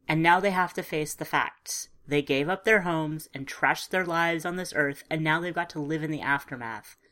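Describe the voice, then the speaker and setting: A woman voicing an upset, blunt young woman in an audiobook, low-pitched. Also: normal speed, a bit bright. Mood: bitter. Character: sad, frank young woman friend.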